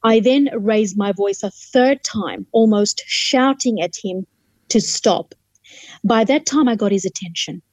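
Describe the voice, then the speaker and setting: A woman's voice: medium pitch, unhurried, darkish tone, dry recording. A middle-aged woman, a lawyer and interview guest, vividly telling a personal testimony and acting out what people said. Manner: vivid storyteller who acts out dialogue. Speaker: guest, human rights lawyer.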